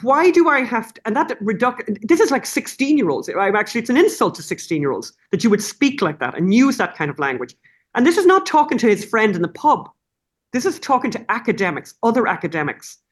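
A middle-aged woman talking as a guest in a casual interview, animated and rambling, with many restarts and self-corrections. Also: on the high side, fairly quick.

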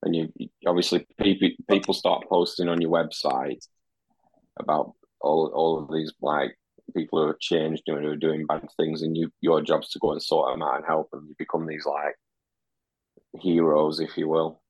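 A man co-hosting a gaming podcast, explaining things in calm casual chat. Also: very deep voice, moderate pace, breathy edge, no room sound, rough recording. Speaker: podcast co-host.

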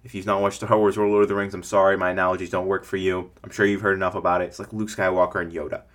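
This podcast host is a man with a fairly low voice who runs a casual coaching show for small-business owners. He talks very fast, with an energetic, rambling delivery, and often slips into the voices of imagined customers to make his points.

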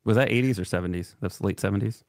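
A man's voice: lowish voice, fast talker, darkish tone, dry recording. A young man co-hosting a radio show, giving dry, laid-back replies and reading the news. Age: young adult. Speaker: co-host. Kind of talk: casual chat and news reading.

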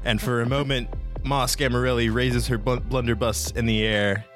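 A man's voice: mid-range voice, flat delivery, normal speed, fairly bright tone, faint music behind. A man narrating as game master in a casual way with frequent fillers.

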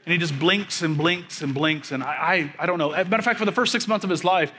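A pastor in his thirties preaching a sermon, building emphatic repeated lines, then dropping into soft, quiet stories about his family. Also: on the high side, fast. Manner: preaching with rising, emphatic repetition; drops to a soft, quiet storytelling voice.

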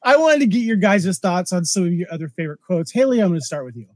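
A male podcast host with a high voice who chats easily and laughs often. He is recorded dry and close over a video call. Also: big pitch swings, quick pace, no room sound. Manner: chatty, laughs often, hands off to guests. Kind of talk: casual podcast discussion.

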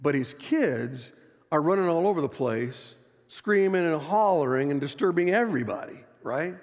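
A middle-aged man preaching a sermon as pastor, telling stories in a conversational way and often turning to the congregation with questions. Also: sits high. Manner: conversational storytelling, asks the congregation. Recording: echoey church hall.

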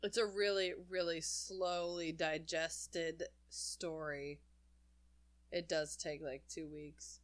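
A woman co-hosting a casual chat show, talking in a blunt, animated way and laughing often, who also reads stories aloud. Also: deep voice, takes it slowly, no echo. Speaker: podcast co-host.

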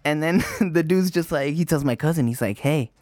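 High-voiced, laughing profane young man. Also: a little fast, darkish tone, no echo, studio quality. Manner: profane, laughing often while telling. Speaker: storyteller among friends. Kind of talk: casual storytelling.

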